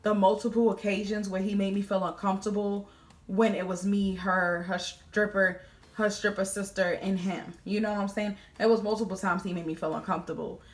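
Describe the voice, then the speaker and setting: Animated woman telling a storytime vlog. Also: medium pitch, a little fast, reverberant. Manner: animated, swears freely, addresses viewers as y'all. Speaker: vlogger.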